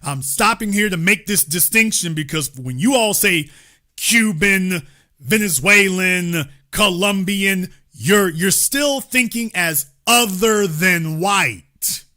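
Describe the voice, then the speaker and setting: Male commentary host, high and very bright voice, emphatic and repetitive delivery. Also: expressive, takes it slowly, few pauses. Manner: emphatic, repeats key points, lectures the audience directly. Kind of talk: political commentary monologue.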